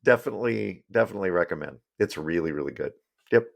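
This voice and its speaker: A man's voice: low-pitched, expressive, quick pace, gravelly. A man co-hosting a podcast, chatting casually and joking, trailing off with fillers. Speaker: podcast co-host. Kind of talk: casual chat.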